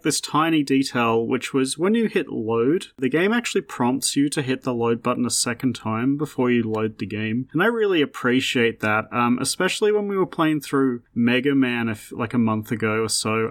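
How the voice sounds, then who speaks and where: A man co-hosting a game review podcast in casual chat, relaxed and hesitant. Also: mid-range voice, no echo. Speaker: podcast co-host reviewing games.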